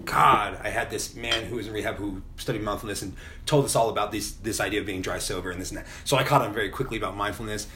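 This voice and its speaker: Fast-talking middle-aged man, candid storyteller. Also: lowish voice, sharp tone, slight background noise. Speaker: podcast guest. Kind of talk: casual podcast chat.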